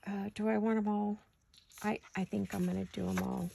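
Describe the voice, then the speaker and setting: A woman's voice: medium pitch, little pitch movement, normal speed, gravelly, mellow, a little hiss or hum. A woman hosting a crafting channel, chatting casually and rambling as she works at home, with the hiccups. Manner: chatty, rambling, self-correcting. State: has the hiccups. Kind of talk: casual crafting tutorial chat.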